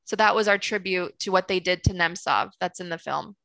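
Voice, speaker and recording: A woman's voice: on the low side, brisk, gravelly, bright, forceful tone, dry recording, low-quality recording. An American woman, a screenwriter, speaking passionately on a video call, often restarting her sentences. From United States. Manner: passionate, storytelling with many restarts. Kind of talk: webinar talk.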